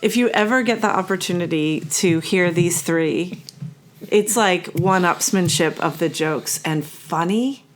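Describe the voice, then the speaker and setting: Woman, podcast co-host; slightly low voice, lively, chatty storyteller. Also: measured pace. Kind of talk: casual conversational chat.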